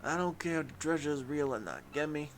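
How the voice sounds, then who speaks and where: A man's voice: a little high, quick pace, close to an everyday voice. A man voicing a menacing male mafia boss with a mock New York gangster accent and a drawling tough-guy manner, with faint background noise.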